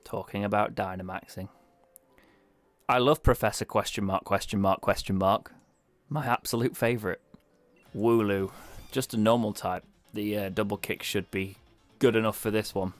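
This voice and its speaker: Soft background music plays as a young British let's play streamer comments casually on his video game in a chatty, wry way, mocking himself now and then. His voice is lowish and steady, at a normal speed.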